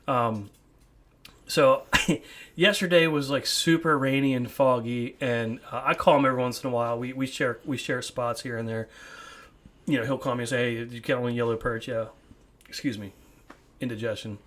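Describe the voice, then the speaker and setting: Chatting casually on the podcast he hosts from an indoor man cave at home, a young man rambles along, laughs readily, and repeats himself a lot. His voice is medium-pitched and fairly bright, with fairly even intonation and normal speed.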